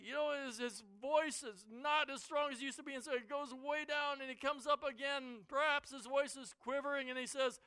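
A man delivers a sermon in a very high, bright and smooth voice, dropping low and quiet, then climbing to shouts. The sound is dry and close, from a headset mic. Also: normal speed, few pauses, no room sound. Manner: dramatic, swings from quiet to shouting. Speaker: preacher.

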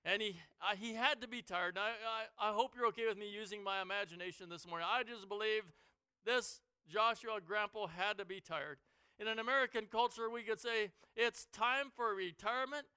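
Male preacher, very high bright voice, smooth and crisp, dramatic sermon delivery, dry headset sound. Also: brisk, no room sound. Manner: dramatic, swings from quiet to shouting. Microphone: headset mic.

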